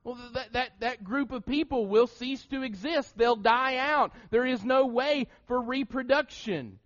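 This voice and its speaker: A man's voice: extremely high pitch, a little slow, dull audio. A man in his thirties with an Appalachian American accent, preaching a sermon with lots of rhetorical questions and restarts into a pulpit mic in a church. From Southern United States. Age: 30s. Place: church sanctuary. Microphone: shared pulpit mouthpiece mic.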